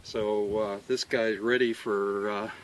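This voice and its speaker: Slow, halting man on a farm. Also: fairly low pitch, flat delivery, slight background noise. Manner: unhurried and halting, with many uh and um fillers; fond, coaxing talk to the dogs. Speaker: dog breeder selling puppies. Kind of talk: casual farm video walkthrough. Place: outdoors on a farm.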